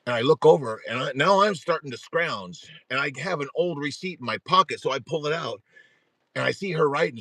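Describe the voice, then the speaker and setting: Animated, rambling middle-aged man. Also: on the high side, a little fast, dry recording. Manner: animated, rambling storyteller who restarts sentences and laughs at himself. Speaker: host of a support group livestream. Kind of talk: casual storytelling on a livestream.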